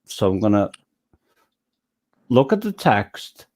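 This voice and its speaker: A man's voice: lowish voice, very animated, takes it slowly, darkish tone. A man hosting a casual livestream chat, rambling and self-deprecating, joking about himself as he goes. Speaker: livestream host.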